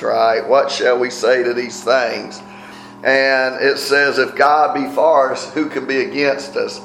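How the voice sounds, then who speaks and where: A man's voice: mid-range voice, a bit bright. A man preaching a sermon in a conversational teaching manner, often checking in with his listeners. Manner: conversational teaching, tag questions. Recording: roomy echo with faint music.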